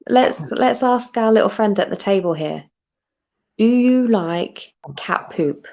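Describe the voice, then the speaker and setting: A woman's voice: medium pitch, animated, takes it slowly, vocal fry, warm tone. A woman in her thirties from Britain hosts a live stream in loose, casual chat. She is chatty, laughs often and keeps restarting her sentences. The audio is a little dull and lo-fi. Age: 30s.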